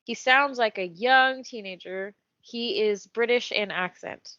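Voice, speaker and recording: A woman's voice: fairly high pitch, a little slow, pushed and bright, no echo. A woman reads a character profile on a casual podcast, stopping between fields for joking comments. The recording is dry and a little muffled, with no room sound. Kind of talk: casual chat. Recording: dull, dry podcast audio.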